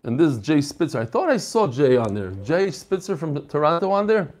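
A man with a fairly high voice leads a relaxed class. He chats and jokes, reads out messages from listeners, then moves on to the text. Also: a little fast. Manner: chatty, joking, reads messages aloud. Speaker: rabbi teaching a Talmud class. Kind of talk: casual lesson with reading of emails.

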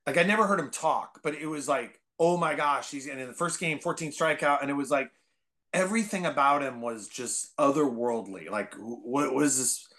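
A man from the Bay Area, a comedian guest, telling rambling stories full of fillers and bursting into loud, excited impressions. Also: mid-range voice, moderate pace. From San Francisco Bay Area. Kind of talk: casual podcast storytelling.

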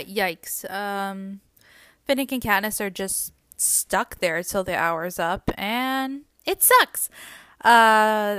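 A woman's voice: mid-range voice, fairly bright tone, dry recording, studio quality. A woman hosting a book podcast, casually recapping chapters and reading passages aloud, with frequent ums and uhs. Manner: chatty, many ums and uhs.

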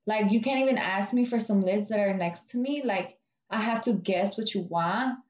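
A woman's voice: medium pitch, normal speed, a little mellow. A young woman in casual chat, bluntly retelling workplace drama with lots of swearing and fillers. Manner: blunt, profane, full of "like" and "dude". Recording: roomy, dull, lo-fi with faint hiss.

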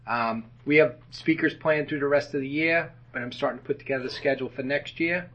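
A man's voice: mid-range voice, fairly quick, a bit bright, highs cut off, slight background noise. A man leading a men's group meeting in a room with tables, talking in a folksy, joking way with many fillers. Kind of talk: casual meeting address.

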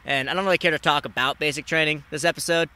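A man in his twenties hosting a podcast, telling stories in casual chat, animated and swearing freely, acting out the people he quotes. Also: racing. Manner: animated, acts out quoted people with big jumps in pitch and loudness. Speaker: podcast host.

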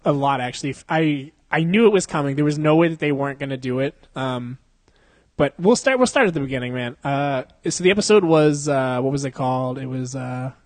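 A man's voice: medium pitch, fairly quick, dry recording. A young man co-hosting a podcast in casual, profane, slangy chat, laughing often. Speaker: podcast co-host.

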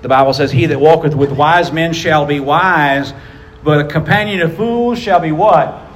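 A man preaching a sermon, telling a story with animated, acted-out quotes that build in intensity. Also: fairly high pitch, normal speed. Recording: echoey hall.

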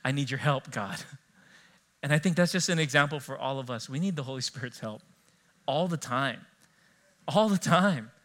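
A middle-aged man, a pastor preaching a sermon in church, animated and conversational, telling stories with asides to the congregation. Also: fairly high pitch.

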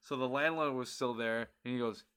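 A man on a podcast telling a profane, animated story in casual chat and acting out what people said. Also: mid-range voice, brisk, smooth. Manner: animated, profane storyteller who acts out quotes. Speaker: podcast co-host.

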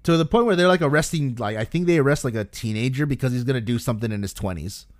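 A man's voice: medium pitch, quick pace, no room sound. An enthusiastic young man chatting on a podcast, casual and loose with his language. His voice is recorded dry and close, with no room sound around it. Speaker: podcast co-host. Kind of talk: casual chat.

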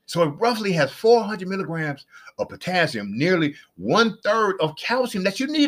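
Middle-aged man, podcast host, rambling casual talk, excitable, repeats himself. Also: normal speed. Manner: excitable, jumps to high-pitched exclamations.

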